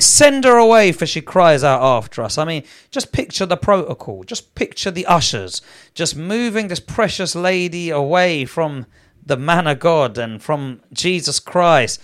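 A man's voice: on the high side, expressive, a little slow, fairly bright tone. A man teaching from the Bible on a live broadcast, reading scripture aloud and growing emphatic. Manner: reads scripture aloud, grows emphatic, prays in tongues. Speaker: preacher.

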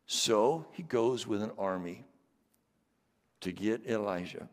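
A man's voice: lowish voice, slow, long reverb tail. A male pastor preaching a sermon, building emphasis through repeated phrases.

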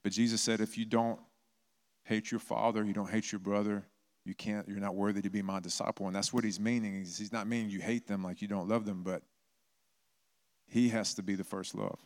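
A man's voice: on the low side, fairly even intonation, brisk, a little mellow. A man preaching a sermon as a pastor, telling stories in a conversational way. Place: church. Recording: long reverb of a church hall.

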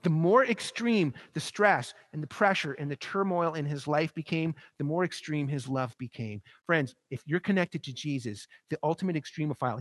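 A pastor preaching a sermon, building to emphatic peaks and dropping soft and low, with repeated rhetorical phrases. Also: male voice, no echo.

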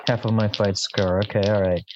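A man's voice: fairly low pitch, level tone, fairly quick, lo-fi sound, a little hiss or hum. A man playing a tabletop role-playing game, thinking aloud with frequent restarts. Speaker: player. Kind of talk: casual tabletop play.

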